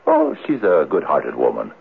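An actor playing a poor, earnest, idealistic Irish farmer who hesitates with many 'uh's, in a 1970s radio drama. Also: male voice, a bass voice, huge pitch swings, moderate pace, vocal fry, breathy edge, full character voice. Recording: tinny lo-fi old radio broadcast.

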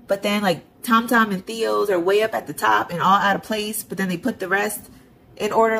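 A woman's voice: medium pitch, fairly even intonation, moderate pace, pushed and bright, poor audio. A woman vlogger narrating her budgeting and bill transfers in a chatty, self-talking way, with sarcastic asides. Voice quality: gravelly vocal fry. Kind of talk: casual narration of online banking.

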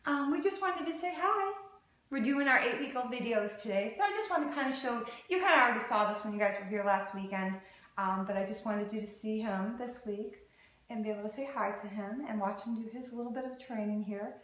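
A woman's voice: fairly high pitch, brisk, fairly bright tone. A woman dog trainer filming a puppy training video, praising and coaxing the puppy in a cheerful, sing-song voice. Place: home, indoors then outdoors. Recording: echoey room, voice from a distance.

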